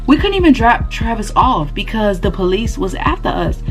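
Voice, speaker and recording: Animated young woman telling a storytime. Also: mid-range voice, normal speed, soft background music. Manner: animated, slangy, laughing often. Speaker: vlogger and small shop owner. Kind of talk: casual storytime.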